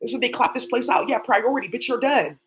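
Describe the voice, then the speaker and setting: Fast-talking, profane woman ranting. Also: fairly high pitch, slight background noise, rough recording. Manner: rapid, profane, talks to unseen people. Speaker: channel host. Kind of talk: rambling off-the-cuff monologue.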